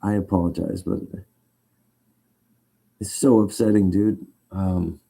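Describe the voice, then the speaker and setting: A man's voice: sits low, fairly even intonation, takes it slowly, gravelly, mellow. A man telling a long personal story in a rambling, agitated way, full of restarts and acted-out quotes. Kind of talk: casual rant.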